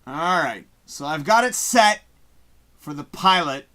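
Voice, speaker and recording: A man hosting a casual livestream, reading viewer comments aloud and chatting in a profane, rambling, animated way. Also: a little high, unhurried. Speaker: livestream host.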